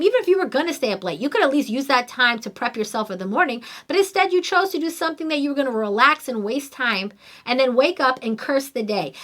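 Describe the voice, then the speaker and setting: A middle-aged woman hosting a podcast, telling a story in an animated, emphatic, conversational way. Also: sits high. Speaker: podcast host. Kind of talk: casual storytelling monologue.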